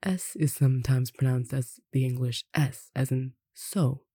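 A language tutor reading a pronunciation lesson aloud in an unhurried way, slowly spelling out examples and adding light asides. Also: medium pitch, warm tone, husky, no echo, clean studio sound. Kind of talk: reading an instructional text aloud.

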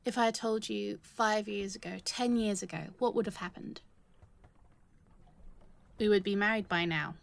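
A young woman in an audio role-play addressed to the listener, halting and stammering, emotional, swearing often. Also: medium pitch, steady tone, creaky.

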